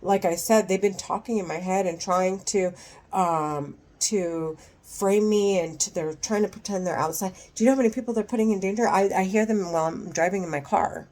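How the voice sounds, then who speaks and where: A woman's voice: medium pitch, moderate pace, darkish tone. A woman at home speaking to her camera in an agitated monologue, angry and profane, often stopping and restarting her sentences. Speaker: vlogger.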